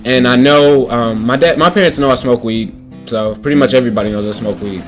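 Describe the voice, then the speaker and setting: A man's voice: mid-range voice, a little fast. A young man giving casual game commentary while telling a story, loose and rambling with lots of restarts and fillers. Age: young adult. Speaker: gaming commentator. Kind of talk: casual storytelling over gameplay. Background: faint guitar playing.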